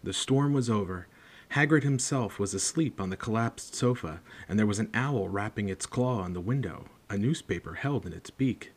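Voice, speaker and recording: A man hosting a show and reading a book aloud in a measured, steady narration. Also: on the low side. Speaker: host and reader. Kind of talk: audiobook narration.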